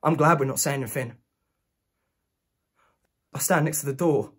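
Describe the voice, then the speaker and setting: A man's voice: mid-range voice, moderate pace, fairly bright tone, slightly rough. An actor playing a frantic young man, telling his story in urgent, breathless present tense on stage. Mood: restless. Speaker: stage performer. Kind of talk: one-man theatre monologue.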